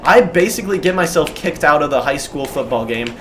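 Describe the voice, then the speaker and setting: Animated self-mocking man telling a story. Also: on the high side, brisk, slight background noise. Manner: animated, self-deprecating, swears freely. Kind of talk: casual personal storytelling.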